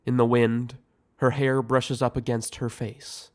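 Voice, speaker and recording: A man reading aloud the scene directions of his own audio screenplay in a measured way. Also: mid-range voice, flat delivery, a little mellow. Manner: slow, measured. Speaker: writer and director narrating.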